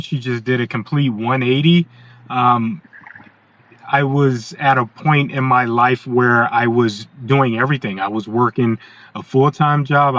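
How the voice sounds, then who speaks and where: A man telling his own story as a podcast guest. He talks in a halting conversational way, restarting and repeating words. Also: medium pitch, fairly bright tone, dull audio.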